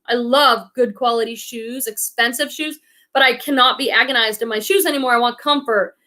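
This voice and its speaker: A woman's voice: high voice, a bit bright. A woman in her forties hosting a casual live stream, chatting and reading out viewer comments, thinking aloud with many restarts. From Boston area, USA. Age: 40s. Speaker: reselling livestream host.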